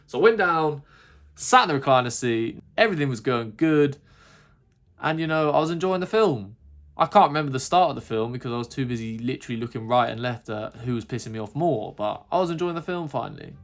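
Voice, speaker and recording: A man's voice: mid-range voice, lively intonation, fairly quick. A man telling an exasperated, sweary rant in a casual vlog monologue. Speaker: YouTuber.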